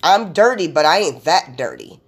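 A woman's voice: low voice, sing-song, breathy edge. Blunt, profane woman on a solo podcast. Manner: profane, blunt, talks straight to listeners; fast run-on sentences. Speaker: podcast host. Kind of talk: rambling solo podcast monologue.

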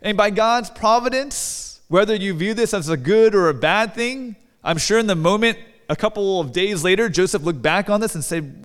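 A man's voice: high-pitched, normal speed, few pauses, smooth. A man preaching a sermon in a church, conversational and asking the congregation questions. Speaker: pastor. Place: church sanctuary. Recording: long hall reverb.

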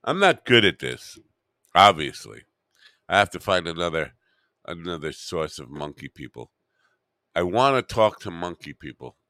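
A man's voice: low-pitched, big pitch swings, moderate pace, long pauses, pushed and bright, no room sound, clean studio sound. A man hosting a podcast alone, rambling and muttering to himself with wry asides. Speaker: podcast host.

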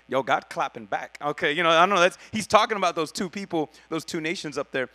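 A man's voice: a little high, fast, hardly any pauses, bright, forceful tone. A man preaching a casual Bible teaching in a slangy, conversational way, correcting himself as he goes.

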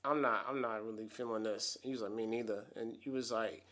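A man's voice: lowish voice, brisk. A man co-hosting a casual podcast. He chimes in easily and fills in details of the story. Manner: relaxed, adds details to partner's story. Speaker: podcast co-host. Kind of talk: casual chat.

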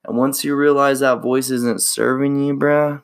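Creaky-voiced laid-back young man. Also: medium pitch, flat delivery, a little slow. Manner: laid-back and slangy, reflective. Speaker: podcast host. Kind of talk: casual solo podcast monologue.

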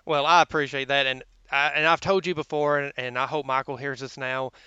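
A man with a Southern American drawl, chatting as a podcast guest in a slow, friendly way. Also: mid-range voice, steady tone, pushed and bright, clean tone, no echo, lo-fi sound. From Southern United States. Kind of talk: casual podcast chat.

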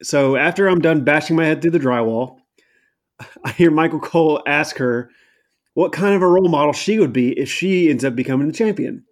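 A man's voice: fairly high pitch, moderate pace. A man co-hosting a podcast, recapping in a casual, rambling and exasperated way with many fillers and mocking asides. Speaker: podcast co-host. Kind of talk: casual chat recapping a wrestling show.

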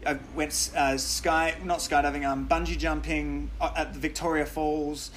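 An Australian man, a podcast guest, telling lively stories in casual chat, swearing freely and laughing often. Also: on the high side, normal speed, a little hiss or hum.

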